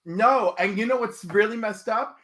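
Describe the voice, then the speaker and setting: A man guest in a casual chat, telling jokey stories in an animated way. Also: high voice, moderate pace.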